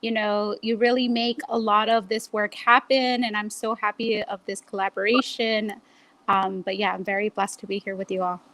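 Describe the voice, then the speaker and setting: A woman social worker co-hosting a community livestream, speaking in a warm, grateful, easygoing way. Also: medium pitch, little pitch movement, moderate pace. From Chicana Huichol. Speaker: co-host, licensed clinical social worker. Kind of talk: casual chat.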